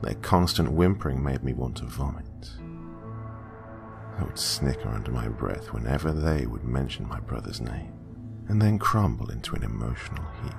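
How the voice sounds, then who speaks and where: Very deep, gravelly male horror storyteller. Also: lively intonation, over music. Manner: cold, measured and bitter. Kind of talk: dark first-person horror narration.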